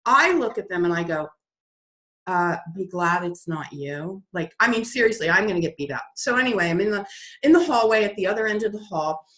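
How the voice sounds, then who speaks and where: Lively storytelling woman, echoey room. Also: medium pitch, fast. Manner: lively, dramatic, acts out the voices in her story. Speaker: guest author. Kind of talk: animated storytelling in an interview.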